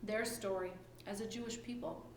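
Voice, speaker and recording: A woman's voice: mid-range voice, steady tone, normal speed, darkish tone, slight background noise. A woman pastor giving a conversational sermon, often checking in with "right?" and thinking aloud as she retells the story. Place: church or home during lockdown worship. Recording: echoey room with faint ambience.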